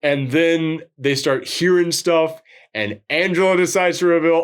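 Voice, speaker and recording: A man with a slightly high voice talks through a film from a living-room couch. He rambles in loose, chatty bursts, animated and quick to slip into quoted voices. The feel is a relaxed review between friends. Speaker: co-host of a movie review show. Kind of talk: casual movie review chat.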